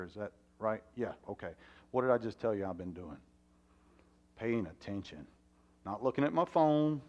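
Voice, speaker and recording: A fire chief speaking to a conference audience, animated and asking the room questions. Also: male voice, mid-range voice, dull audio. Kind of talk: conference talk. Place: conference hall.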